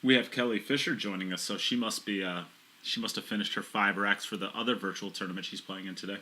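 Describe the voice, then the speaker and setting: Bright-voiced man from Wisconsin. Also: fairly low pitch, fairly even intonation, slight background noise. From Wisconsin, USA. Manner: joking, halting, with filler restarts. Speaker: pool commentary co-host. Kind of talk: live sports commentary.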